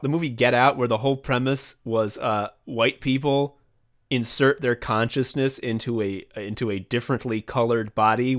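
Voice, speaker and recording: A man co-hosting a podcast in casual chat, animated, laughing often and swearing a lot. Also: mid-range voice. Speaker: podcast co-host.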